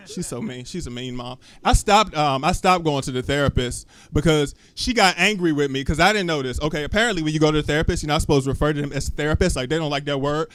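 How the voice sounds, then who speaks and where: A man works a small club crowd with a loose, rambling stand-up set, his voice sitting high for a man. He cusses casually and keeps tossing questions at the audience. The sound from his handheld mic is close and dry. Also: fast talker, a bit bright, clean tone, dry recording. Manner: loose, chatty, asks the crowd lots of questions, cusses freely. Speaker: stand-up comedian. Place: small comedy club stage. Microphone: handheld stage mic.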